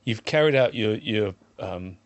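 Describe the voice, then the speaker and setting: A man's voice: fairly low pitch, lively intonation, a little slow, creaky, no room sound. Man hosting an interview. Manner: long leading questions with restarts. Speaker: interview host. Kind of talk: interview questions.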